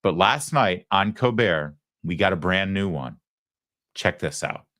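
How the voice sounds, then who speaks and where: Male political talk host, deep voice, dry close sound, sarcastic and emphatic. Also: lively intonation, unhurried, fairly bright tone, dry recording. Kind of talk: opinionated commentary.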